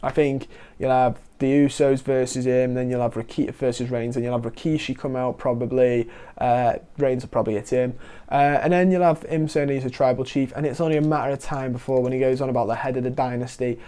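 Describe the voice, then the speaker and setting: Mellow-voiced man reviewing wrestling. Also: mid-range voice. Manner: animated, quoting wrestlers in quick asides. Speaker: wrestling podcast host. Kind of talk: casual review chat.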